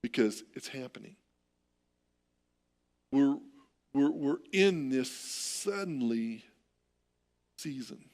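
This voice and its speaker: A middle-aged American man preaching a sermon as pastor, telling stories in an animated way and often repeating words. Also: mid-range voice, takes it slowly, pauses often.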